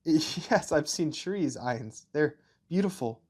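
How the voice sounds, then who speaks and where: A man voicing a caring, worried mother who speaks gently to a child and stands up to a villain. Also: fairly high pitch, animated, slow pace. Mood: tender.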